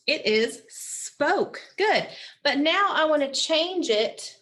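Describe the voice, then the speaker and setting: A woman teaching a phonics lesson, slowly and patiently sounding out words and syllables for children. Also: high voice, big pitch swings, fairly bright tone.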